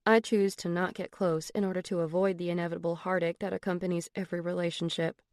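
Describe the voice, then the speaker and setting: A woman's voice: lowish voice, flat delivery, fast talker, a little mellow, no room sound, clean studio sound, close to an everyday voice. A woman reading an audiobook, voicing a guarded young woman who talks in a cool, matter-of-fact way.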